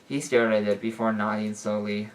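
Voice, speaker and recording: A man's voice: lowish voice, flat delivery, normal speed. Male amateur reader of a homemade story; loose, self-correcting delivery, distant mic, light background hiss. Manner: unpolished, stumbles and fixes his words. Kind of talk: reading fan fiction aloud.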